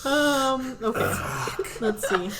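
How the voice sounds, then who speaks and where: A woman co-hosting a podcast, reading an online post aloud in a steady voice and chatting in between. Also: high voice, slow pace, a crowd in the background, rough recording. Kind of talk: reading a story aloud with casual chat.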